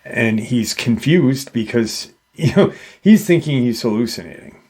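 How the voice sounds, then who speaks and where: In a mid-range, expressive, somewhat mellow voice, a man running a paranormal channel retells what a witness experienced. He stumbles through it, restarting often and leaning on fillers.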